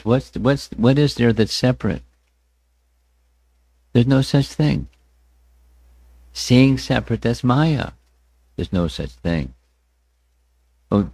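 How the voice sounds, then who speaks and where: A man teaching a scriptural class, speaking deliberately, often repeating words and chanting verses with his listeners. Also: lowish voice, a little mellow, no room sound. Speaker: spiritual teacher. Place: temple hall.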